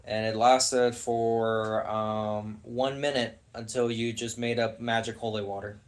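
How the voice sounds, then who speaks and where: A man's voice: medium pitch, level tone, measured pace. A young man ranting in casual podcast chat, heated, sarcastic and profane.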